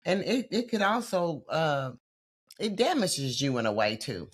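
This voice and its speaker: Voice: medium pitch, big pitch swings, unhurried, breathy edge. A podcast co-host in casual chat who thinks aloud and builds each point step by step. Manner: reflective, builds points step by step, many backchannels.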